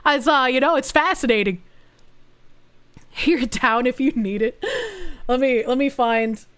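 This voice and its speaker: A young woman live-streaming from her home setup, reacting and reading her chat aloud in a loose, blunt way. Her voice sits a little high, and she swears freely and laughs often between comments. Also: unhurried, fairly bright tone, smooth.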